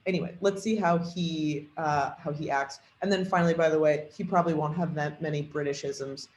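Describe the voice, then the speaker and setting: A woman's voice: deep voice, steady tone, brisk, a little mellow, roomy sound, a little hiss or hum, low-quality recording. A woman giving a casual tutorial on tuning an AI character, thinking aloud with lots of fillers. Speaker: trainer demoing an AI character tool.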